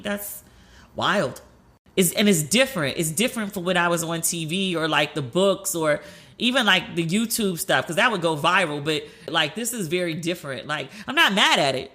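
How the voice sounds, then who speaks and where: Brief: woman podcast host, bright and punchy, chatty storyteller who acts out the voices she quotes. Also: fairly low pitch, brisk. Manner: chatty, animated, swears, acts out quoted dialogue.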